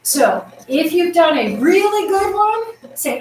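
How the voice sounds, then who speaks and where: A woman teaching a tai chi class, encouraging and counting out the moves, projecting her voice loudly. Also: very high voice, big pitch swings, slow pace, slight background noise. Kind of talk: guiding an exercise class. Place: exercise room indoors. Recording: echoey room, voice from a distance.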